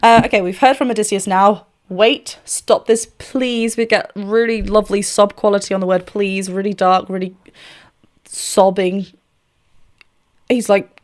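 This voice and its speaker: A woman's voice: medium pitch, flat delivery, normal speed, pauses often, a little mellow. Chatty woman vocal coach reacting. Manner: chatty, scatting melodies and laughing. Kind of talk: casual reaction commentary.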